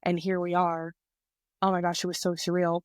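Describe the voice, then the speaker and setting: A young woman in her twenties chats through a personal story as a podcast guest, her voice sitting a little low for a woman. She talks in an animated, rambling way, on a close, dry mic. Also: normal speed, no room sound. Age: 20s. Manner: chatty, animated retelling with quoted voices. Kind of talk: casual storytelling.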